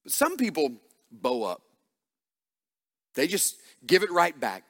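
A man's voice: high-pitched, very animated, moderate pace, fairly bright tone. A man preaching a sermon as pastor, emphatic and repetitive, building punchy refrains. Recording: long reverb of a large hall.

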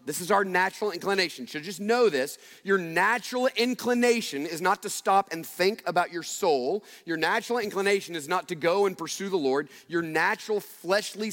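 A male pastor delivers a conversational sermon, asking his listeners question after question and poking fun at himself. His voice sits high for a man. A long reverb trails each phrase, like a large church. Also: moderate pace, few pauses, fairly bright tone. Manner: conversational, rhetorical questions, self-deprecating stories.

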